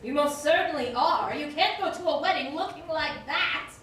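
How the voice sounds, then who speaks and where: A woman's voice: high-pitched, lively intonation, normal speed, a bit bright, a little hiss or hum. A woman playing a tipsy, languid chaperone, drawling and giggly. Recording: echoey distant stage recording.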